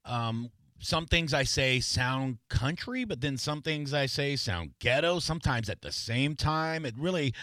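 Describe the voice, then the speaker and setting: A man's voice: medium pitch, lively intonation, unhurried, hardly any pauses, bright, forceful tone, no echo. Male radio host, casual and joking, Southern-raised. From the American South. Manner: joking, loose, does silly voices.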